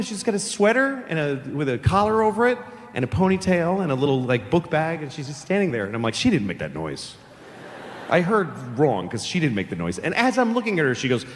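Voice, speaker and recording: A man's voice: on the high side, very animated, quick pace. A man doing a stand-up comedy set, telling rambling, profane stories in a loose conversational way. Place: large theater stage. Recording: long hall reverb with audience noise.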